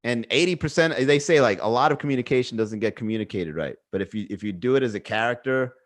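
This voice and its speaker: Recording his solo podcast indoors at home, a man speaks fast in a mid-range voice. His musings ramble casually, packed with swearing and filler words.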